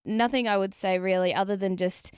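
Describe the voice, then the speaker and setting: A woman's voice: mid-range voice, steady tone, fairly quick, darkish tone, clean tone, no echo, clean studio sound. A woman guest on a casual podcast, blunt and dismissive in her opinions. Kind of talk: casual chat.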